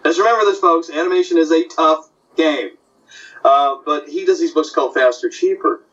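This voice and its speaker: A man who works as an animation story artist, chatting casually and telling animated anecdotes. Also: a little high, normal speed. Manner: animated storyteller, slips into character voices. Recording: distant, dull lo-fi audio.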